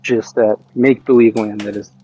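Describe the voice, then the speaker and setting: A man streaming a survival game with friends, chatting casually in a relaxed, rambling way with plenty of fillers. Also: on the low side, normal speed, faint music behind, poor audio. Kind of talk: casual gaming chat.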